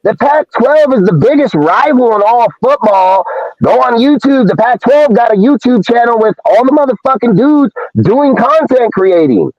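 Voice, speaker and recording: A man's voice: very high-pitched, lively intonation, normal speed, no room sound. A man hosting a live show, ranting in a heated, profane, confrontational way. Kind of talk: live-stream rant. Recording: dull lo-fi dry stream audio.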